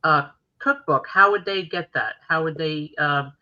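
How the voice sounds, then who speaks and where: A woman hosting a podcast interview, reacting warmly in short remarks and asking questions. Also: deep voice, unhurried, highs cut off. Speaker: podcast host. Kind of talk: casual interview.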